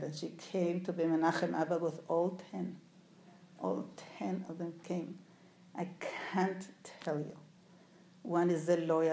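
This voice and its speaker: A woman with a somewhat low voice tells stories about her father to a live audience. She turns to the listeners with questions as she goes. The room gives her voice a strong echo. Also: gravelly, mellow. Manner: storytelling, puts questions to the audience. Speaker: speaker recalling her father before an audience. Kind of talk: anecdotal talk to a live audience. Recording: echoey room.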